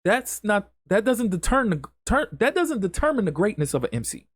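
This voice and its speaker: Man, podcast host, fired-up solo rant, repeats his points, somewhat high voice, dry close sound. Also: big pitch swings, fairly quick, no echo. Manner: impassioned, repetitive, emphatic ranting.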